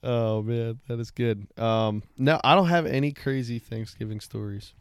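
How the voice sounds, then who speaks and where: Male co-host, relaxed and amused, mid voice, dry close mic. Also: medium pitch, normal speed, clean tone, no room sound. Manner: easygoing listener who laughs a lot. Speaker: podcast co-host. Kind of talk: casual chat.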